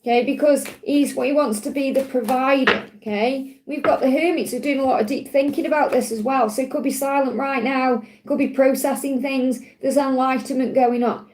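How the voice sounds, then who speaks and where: A woman with a Stoke-on-Trent accent, giving a gentle, chatty card reading on a live stream and answering viewers. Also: high voice, a little fast, few pauses, low-quality recording. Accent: Stoke-on-Trent English. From England. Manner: gentle, reassuring, chatty with frequent restarts. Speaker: tarot and angel card reader.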